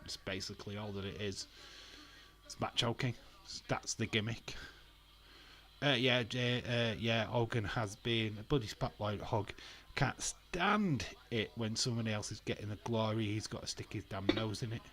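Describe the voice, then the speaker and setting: A man's voice: lowish voice, moderate pace, a bit bright. A man giving casual, blunt commentary as he watches along with an old wrestling event, ranting and swearing freely.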